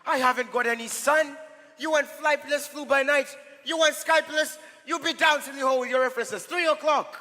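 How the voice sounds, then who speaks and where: A man's voice: very high voice, moderate pace, pushed and bright. A young man on a school stage playing a pompous, blustering small-town mayor. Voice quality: pompous, indignant, bureaucratic bluster. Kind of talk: school stage musical acting. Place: school stage in a large hall. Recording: echoey hall, voice from far off.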